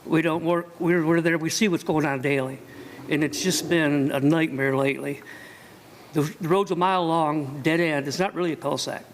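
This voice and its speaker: A man's voice: a little high, steady tone, a little hiss or hum. Retired older man, plainspoken. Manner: plainspoken, halting restarts. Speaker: retired resident. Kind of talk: public comment. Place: county commission meeting room.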